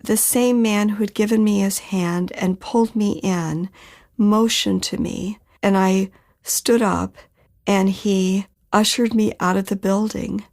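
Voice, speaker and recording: A woman recounts her own experience in an unhurried, measured way, with many pauses between phrases. Her voice has a gravelly, creaky edge. Her pitch sits in a middle range for a woman. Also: fairly even intonation, a little mellow. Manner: slow, measured telling with pauses. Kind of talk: personal storytelling in a podcast.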